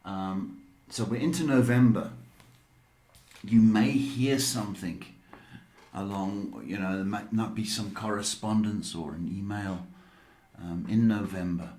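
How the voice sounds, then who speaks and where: Slow, hesitant man with an echo. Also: on the low side, warm tone. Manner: hesitant, many ums. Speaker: psychic reader. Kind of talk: live-stream reading.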